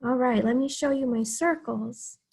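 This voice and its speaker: A woman's voice: fairly high pitch, normal speed, creaky, darkish tone, slightly rough. A young woman teaching a math lesson to small children, counting aloud in an encouraging, sing-song way.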